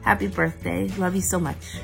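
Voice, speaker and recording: A woman's voice: lowish voice, level tone, moderate pace, creaky. A woman giving a tender, heartfelt birthday message to her best friend. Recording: music playing behind.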